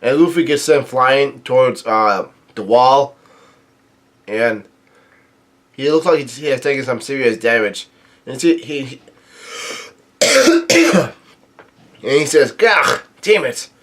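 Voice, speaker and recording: A young man casually recapping a comic chapter, halting often and correcting himself as he goes. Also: mid-range voice, very animated. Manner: halting, many restarts and self-corrections. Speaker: manga reader and recapper.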